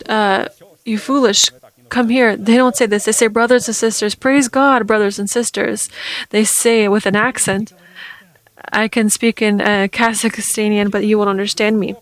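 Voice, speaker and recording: A woman preaching a sermon, reading Scripture aloud and getting loud at emphatic points. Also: medium pitch, rough recording.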